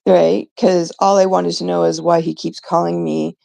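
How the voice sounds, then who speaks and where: A woman's voice: fairly low pitch, level tone, normal speed, creaky, dark tone. A woman host ranting indignantly in a rambling, profane monologue about online drama. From Canada. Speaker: livestream host.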